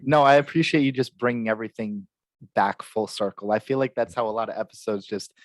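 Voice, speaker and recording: Low-voiced male podcast host, dry sound. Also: a little fast, dry recording. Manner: encouraging, brief affirmations. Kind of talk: podcast interview.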